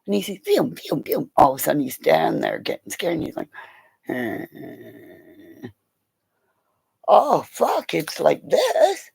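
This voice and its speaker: A middle-aged woman with a low-pitched, creaky, husky voice speaks at a moderate pace and rarely pauses. She's casually telling meandering animal stories on a livestream, excitable and laughing, swearing as she bounces from tale to tale. Audio is poor.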